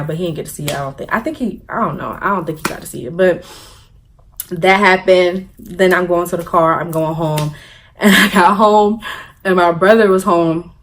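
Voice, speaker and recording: A young woman tells a story-time vlog in a lively, animated way, laughing at her own jokes and acting out what people said. Her voice sits a little low for a woman. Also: moderate pace. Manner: animated, laughing, acts out quotes. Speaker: vlogger.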